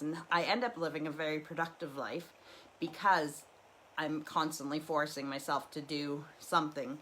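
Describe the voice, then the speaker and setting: A middle-aged woman rambles candidly through casual personal talk while hosting a live stream from her living room, restarting often. Her voice is deep and fairly bright, and the rough recording has slight background noise.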